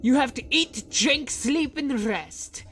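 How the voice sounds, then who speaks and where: A man's voice: very high-pitched, takes it slowly, fairly bright tone, voice pushed up, heavily acted. A woman voicing a mysterious masked man in a game, speaking formally and cryptically in a theatrical put-on accent. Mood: solemn.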